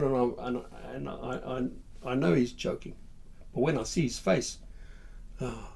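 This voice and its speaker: Older guy telling war stories, husky voice, stumbles and repeats himself. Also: mellow. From Zimbabwe. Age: 60s. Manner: halting, repeats words, low-key retelling. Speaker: war veteran storyteller. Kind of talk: spoken war memoir.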